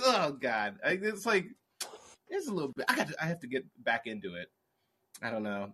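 A man's voice: on the high side, very animated, normal speed, background noise. A man co-hosting a casual comedy podcast, rambling and giggling in a self-mocking way. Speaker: podcast co-host.

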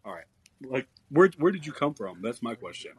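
A man's voice: medium pitch, very animated, a little fast, breathy edge, no room sound. A man hosting a live call-in sports podcast, blunt and irritated with callers, often stammering into restarts. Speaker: podcast host.

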